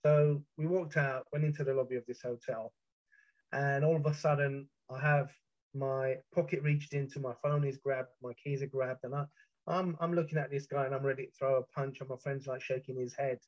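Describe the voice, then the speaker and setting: A British man telling a first-person account of a past ordeal, intense and halting, with frequent restarts. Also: medium pitch, steady tone, a little mellow. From Britain. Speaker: storyteller. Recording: muffled lo-fi recording.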